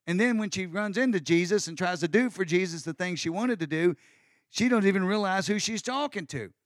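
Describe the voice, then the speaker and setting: A middle-aged male pastor preaching an Easter sermon in a lively, conversational way with folksy asides. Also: high voice, fairly quick, no room sound, clean studio sound.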